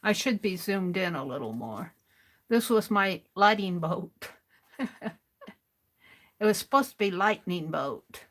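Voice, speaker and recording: Her tone is fairly bright and her voice on the low side, with lively intonation, a slightly slow pace, and frequent pauses. She's livestreaming her art journaling, rambling away to herself and amused at her own remarks as she crafts.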